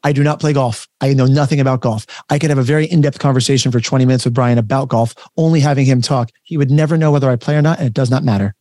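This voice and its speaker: A man's voice: mid-range voice, fairly even intonation, racing, few pauses, mellow, dry recording, studio quality. A man teaching real estate agents on a video call, talking conversationally and acting out client dialogues. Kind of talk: live online training talk.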